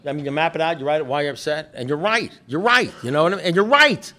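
Expressive and fast, with a sharp tone and a slightly high voice, a middle-aged man addresses a recovery meeting. His storytelling is joking, blunt and full of profanity, and he often restarts sentences.

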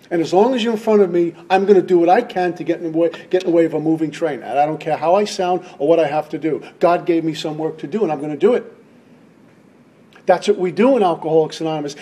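Fairly quick and warm-toned, with a voice on the high side, a middle-aged man delivers an impassioned testimony about his own life at a recovery meeting. His style is emphatic and preacherly, with lines repeated for stress.

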